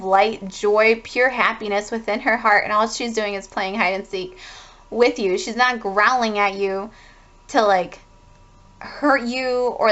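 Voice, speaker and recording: Female tarot reader, higher pitch, loose profane rambling delivery, dull lo-fi recording. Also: a bit bright. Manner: rambling, full of "like", swears casually. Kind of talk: casual spiritual reading.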